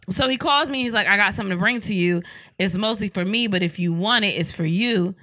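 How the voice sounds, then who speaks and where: A woman telling a story in casual chat, animated and profane, acting out quotes. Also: medium pitch, quick pace, dry recording.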